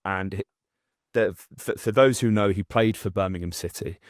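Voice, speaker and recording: A young man rambles through a story with lots of restarts and fillers. His voice sits fairly low. The recording is dry and close, with no room sound. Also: moderate pace, no echo. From English Midlands. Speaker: podcast co-host. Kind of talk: casual chat.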